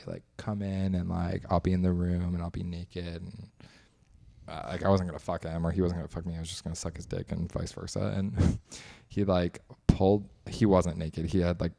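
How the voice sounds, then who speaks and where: Comedian guest, male, low gravelly voice, dry close sound, candid rambling storyteller. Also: dark tone, dry recording. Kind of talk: casual podcast chat.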